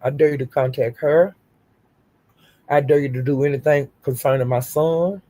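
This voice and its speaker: Older woman streamer, husky and gravelly, dark tone, profane defiant rant. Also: low voice, fairly even intonation, moderate pace. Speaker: YouTube streamer. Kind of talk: livestream rant.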